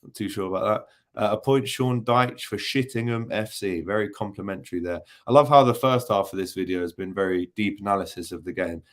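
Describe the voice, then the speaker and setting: Chatty man, lowish voice. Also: a little fast. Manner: chatty and jokey, many ums, teasing banter. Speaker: football channel host reading live chat. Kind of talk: casual post-match livestream chat.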